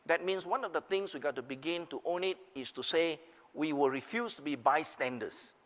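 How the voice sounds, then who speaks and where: A man's voice: fairly high pitch, fairly bright tone, big-room sound. An older man, giving an emphatic speech as a panelist, rising and falling on rhetorical questions. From Singapore. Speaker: seminar panelist. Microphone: video call.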